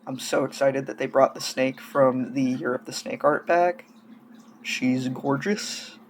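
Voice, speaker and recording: A man's voice: mid-range voice, steady tone, moderate pace, slight background noise. A man casually gushing and rambling through hobby news in a vlog, coming down with a cold and sounding feverish. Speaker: doll-hobby vlogger.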